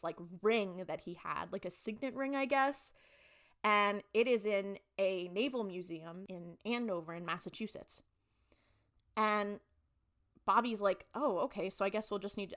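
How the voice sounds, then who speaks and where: Animated woman retelling a TV episode. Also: mid-range voice. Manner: animated storytelling, acting out characters in quick quoted lines. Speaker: podcast co-host. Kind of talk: casual chat recapping a TV episode.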